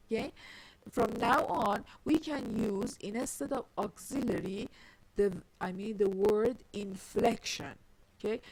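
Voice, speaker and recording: A woman lecturer walks through sentence structure point by point. Her voice has a creaky, gravelly edge. She often stops and restarts her sentences as she explains. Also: mid-range voice, a little mellow, dry recording, rough recording. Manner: halting, with frequent "I mean" restarts; explains step by step, pointing at tree diagrams. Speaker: linguistics lecturer. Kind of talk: recorded grammar lecture.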